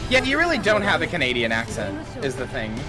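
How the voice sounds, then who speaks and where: A young woman with a remarkably deep voice talks fast and bluntly with her gaming partner. Her pitch swings widely as she speaks. Loud game music plays behind her. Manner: blunt and animated. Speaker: co-player. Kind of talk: casual chat while gaming.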